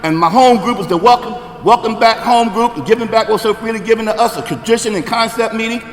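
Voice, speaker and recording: A man in his sixties sharing his recovery story at a meeting, talking conversationally and checking in with the room, getting louder and emphatic on key points. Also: very high voice, quick pace, long reverb tail. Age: 60s. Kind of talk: personal recovery share.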